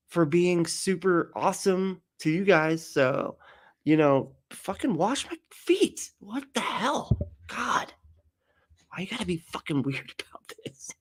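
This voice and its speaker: A man's voice: high voice, pitched above the performer's own voice. A man doing a swearing, fed-up preacher. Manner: exasperated, swearing, whiny. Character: crude, fed-up grown male preacher, irritable.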